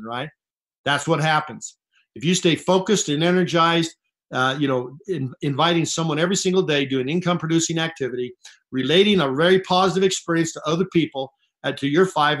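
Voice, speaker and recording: A man with a slightly high-pitched voice delivers a pushy motivational talk. He hammers his points with repetition and emphatic phrasing. The sound suggests a conference call line. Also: fairly bright tone. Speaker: network marketing distributor. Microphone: phone call.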